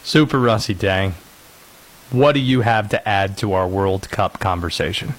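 A man's voice: fairly low pitch, normal speed, low-quality recording. A man hosting a sports talk show, joking and playful in casual chat. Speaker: radio show host.

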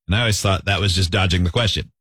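A man with a husky voice hosts a lively talk show, reading listener messages aloud with animated energy and frequent laughs. His voice sits mid-range and sounds close and dry, with no room echo. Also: sits low, very fast. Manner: animated, reads out listener texts, laughs often. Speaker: radio show host. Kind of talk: casual chat.

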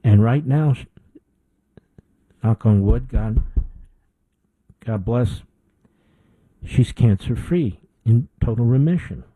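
A man's voice: mid-range voice, animated, takes it slowly, pauses often, dark tone, breathy edge, no echo, poor audio. A middle-aged man hosting a political talk show, delivering an indignant opinion monologue with emphatic repetition.

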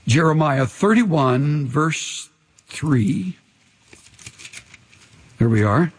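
A man preaching a sermon, earnest and unhurried, pausing often and dropping his voice almost to a whisper to make a point. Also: on the high side, animated, slight background noise. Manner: earnest, pauses often, drops to near-whispers for emphasis. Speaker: pastor. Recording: long hall reverb.

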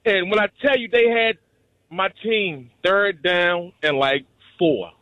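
Guy on the phone telling a funny game story, high voice, dry lo-fi line. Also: takes it slowly, dry recording. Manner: animated, joking storyteller. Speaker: caller. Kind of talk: storytelling on a call-in show.

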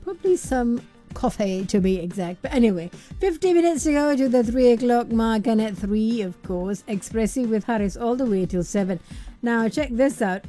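A woman's voice: a little high, warm tone. A woman radio DJ chatting casually through an entertainment story, with rambling asides and a voice that is wearing thin. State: losing her voice. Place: radio studio.

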